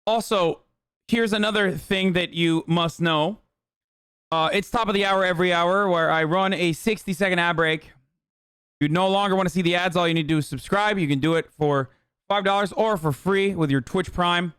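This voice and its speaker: Casual reaction host, guy in his 30s, riffing and swearing, high voice. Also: moderate pace, clean tone, dry recording, studio quality. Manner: animated, profane, sarcastic banter. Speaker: streamer host.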